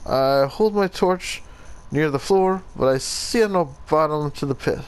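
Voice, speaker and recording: A man's voice: fairly high pitch, unhurried, clean tone, pitched above the performer's own voice, close to an everyday voice. A man doing a hammy mock-Italian swordsman. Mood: melodramatic. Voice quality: clumsy mock Italian accent that drifts toward Russian. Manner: melodramatic, over-the-top reading. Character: grim Italian swordsman recounting a trap-filled tomb.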